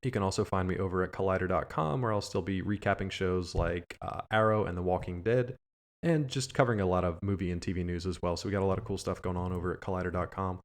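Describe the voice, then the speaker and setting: Fast-talking low-voiced man. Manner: chatty, plugs and sign-offs with light jokes. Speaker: podcast co-host. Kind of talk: casual podcast chat.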